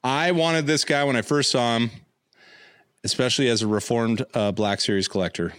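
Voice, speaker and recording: Host type: jokey, rambling man, mid-pitched, dry close sound. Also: normal speed, a bit bright, smooth, dry recording. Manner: rambling, jokey, breaks into silly voices. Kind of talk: casual chat while unboxing collectibles.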